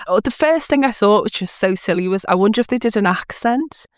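A woman's voice: medium pitch, lively intonation, fairly quick, no room sound, clean studio sound. A British woman, a social engineer guesting on a podcast, talking in a chatty, emphatic way. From Britain. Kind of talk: casual chat.

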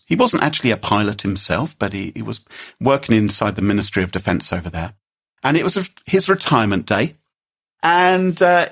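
A man co-hosts a podcast in casual chat. He tells his story in a chatty way and laughs often. His pitch rises and falls a lot, and his voice has a slightly husky edge. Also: a bit bright. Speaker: podcast co-host.

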